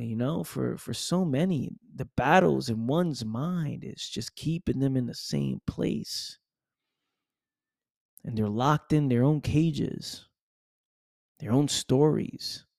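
A man's voice: mid-range voice, gravelly, darkish tone, no room sound, studio quality. A man giving an emphatic motivational monologue, repeating himself and dropping "right?" and "man" asides. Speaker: motivational speaker.

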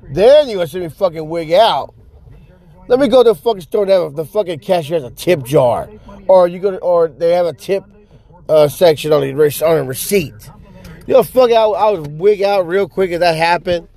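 Man, podcast rant, profane, repetitive, somewhat high voice, in a car. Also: warm tone. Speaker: podcast host. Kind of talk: casual ranting monologue.

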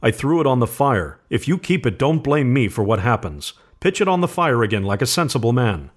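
A man voicing a grave old soldier in a storybook reading, speaking slowly and solemnly. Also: mid-range voice, sing-song.

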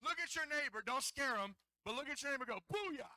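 A man's voice: extremely high pitch, quick pace, sharp tone, no room sound. A middle-aged man preaching a sermon as a pastor, playful and joking, coaxing the congregation to join in. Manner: playful, jokey, coaxes audience to join in. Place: church hall.

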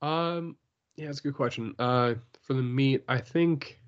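A man chats about comics in a halting, casual way. He restarts his sentences and leans on fillers. The recording sounds dull and lo-fi. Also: mid-range voice, clear, resonant tone. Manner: halting, many fillers and restarts, laughs often. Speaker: podcast co-host. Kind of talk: casual comic-book chat.

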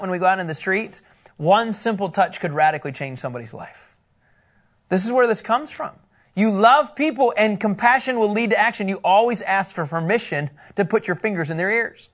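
A man teaching scripture to a live group in a casual, playful way, with quick asides and frequent laughter. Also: high-pitched, fairly bright tone. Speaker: pastor teaching a Bible study.

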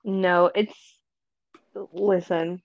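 A woman's voice: fairly low pitch, flat delivery, extremely slow, no echo, muffled recording. A woman co-hosting a casual podcast, chiming in with short, laid-back remarks. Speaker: podcast co-host.

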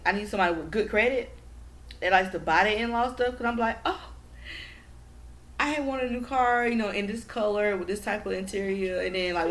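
A woman guest in casual podcast chat, telling profane, animated stories and acting out what people said. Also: a little high. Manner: animated, profane storytelling with acted-out quotes.

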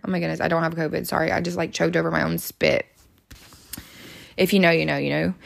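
A woman's voice: mid-range voice, gravelly, a bit bright. A woman hosting a self-help podcast, earnestly encouraging the listener and reading passages aloud from a book. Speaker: podcast host.

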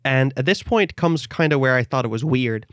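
Animated man telling a story, dry close sound. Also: mid-range voice, normal speed, no echo. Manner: animated storytelling, acts out quoted voices. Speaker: storyteller in group chat. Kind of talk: casual podcast chat.

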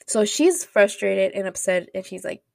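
A woman's voice: medium pitch, animated, moderate pace, gravelly, no echo, clean studio sound. A woman podcast host casually recapping a show's plot, rambling with lots of fillers and quoting characters as she goes. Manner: chatty, rambling, heavy on fillers like "like" and "you know"; retells scenes with quoted dialogue.

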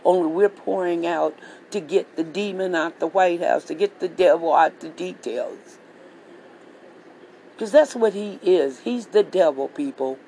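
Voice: mid-range voice, a little slow, vocal fry, warm tone, slight background noise, rough recording. A vlogger delivering a heated political rant monologue, swearing freely and repeating phrases for emphasis. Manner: profane, repetitive, heated ranting.

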